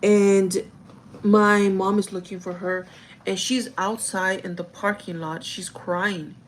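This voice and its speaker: A woman's voice: medium pitch, fairly even intonation, takes it slowly, a little hiss or hum, poor audio. A young woman vlogger telling a family story in casual chat, rambling with many fillers and often calling her viewers "guys".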